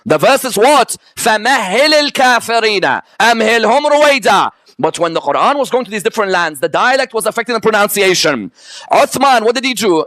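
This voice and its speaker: This religious lecturer speaks in a notably high, slightly bright voice, recorded dry and close with no room sound. Teaching religious history to a live audience, he goes through points one at a time, slowly and emphatically, and keeps drawing listeners in with "yes?" and "correct or no?".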